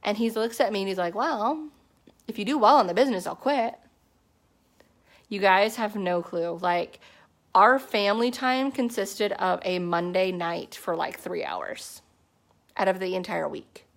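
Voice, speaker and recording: A woman in her thirties tells her own story in a loose, chatty way. She fills her talk with "like" and quick asides. Her voice sits at an ordinary middle pitch and lifts sharply when she quotes herself. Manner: chatty, animated storytelling with many fillers. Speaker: network marketing distributor. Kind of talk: casual personal testimony to a team.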